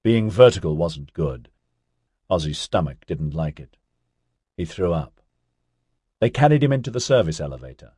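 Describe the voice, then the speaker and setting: A man narrating a novel in a steady, wry storytelling manner. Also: low-pitched, moderate pace, long pauses, slightly rough, dry recording, clean studio sound. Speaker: audiobook narrator. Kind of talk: scripted narration.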